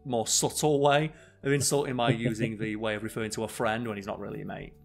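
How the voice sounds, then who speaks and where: A man's voice: fairly low pitch, fairly even intonation, fast, gravelly, soft background music. A young man, co-host of a casual podcast, who rambles with many fillers and restarts. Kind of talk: casual chat.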